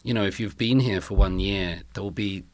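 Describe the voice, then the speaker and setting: A man's voice: deep voice, fairly quick, no echo. A man from the United Kingdom hosting a conversational interview, musing thoughtfully as he talks. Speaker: podcast host.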